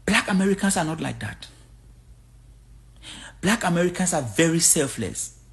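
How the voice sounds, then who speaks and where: A woman from Africa speaks straight to her viewers in a casual vlog. Her talk is blunt and outspoken, and her pitch swings a lot from line to line. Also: sing-song, moderate pace, vocal fry. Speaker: vlogger.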